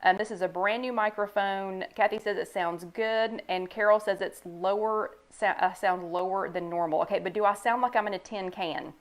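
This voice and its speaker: An older woman hosts a casual live stream from home, talking into a desk microphone. She is chatty and relaxed, greeting viewers by name and reading their comments aloud. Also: mid-range voice, normal speed, hardly any pauses. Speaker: host of a live online chat. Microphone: new desk microphone.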